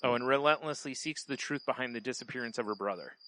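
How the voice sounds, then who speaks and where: A man's voice: mid-range voice, fast, pushed and bright. A man co-hosting a casual podcast, rambling and trailing off, laughing often as he talks. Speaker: podcast co-host.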